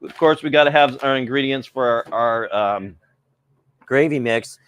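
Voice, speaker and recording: A man's voice: mid-range voice, normal speed, a bit bright, clear, resonant tone. A middle-aged man hosting a live cooking stream, rambling casually and greeting viewers by name, a little cold.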